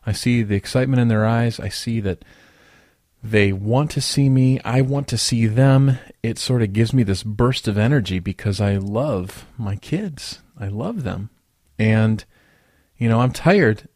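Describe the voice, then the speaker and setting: A man with a fairly low voice gives a relaxed, conversational sermon, thinking aloud and circling back on his phrases. The sound is dry and close, with almost no room around it. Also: dry recording. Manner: conversational and reflective, with small restarts and folksy asides. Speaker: pastor.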